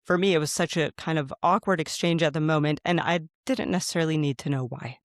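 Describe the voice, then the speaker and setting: A man's voice: a little high, fast talker, no echo, studio quality. A man hosting a podcast, earnestly telling a personal story in a conversational way and acting out his own thoughts.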